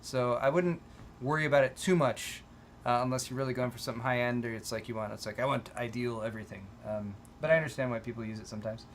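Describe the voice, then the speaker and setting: A man's voice: mid-range voice, slight background noise. A man co-hosting a tech live stream, chatting casually and reading out viewer donations in a lifted voice. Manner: loud, lifted voice for donor names, relaxed and halting in chat.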